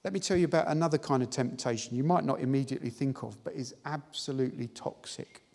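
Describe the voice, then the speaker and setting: Man, preacher, sermon, earnest and emphatic, husky breathy voice, long church-hall reverb. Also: medium pitch, fast, darkish tone. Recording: live-stream audio with long hall reverb.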